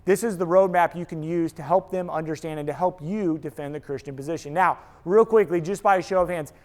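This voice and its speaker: A man speaking to a live audience, telling stories and acting out quoted lines in an energetic talk. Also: a little high. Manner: animated storytelling, acts out quoted voices. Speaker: speaker, apologetics teacher.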